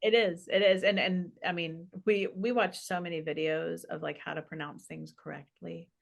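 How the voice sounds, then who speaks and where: A woman's voice: lowish voice, fairly even intonation, moderate pace, vocal fry. A woman hosting a faith podcast, chatting in a playful, casual way and laughing often as she tells stories. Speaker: podcast host. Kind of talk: casual chat.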